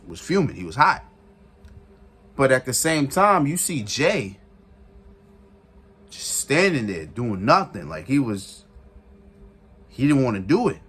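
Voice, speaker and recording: A man giving a casual, excitable recap of a wrestling event, repeating phrases for emphasis and laughing often. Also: mid-range voice, slightly rough. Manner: excitable, retells with shouted quotes and sound effects. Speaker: wrestling reviewer.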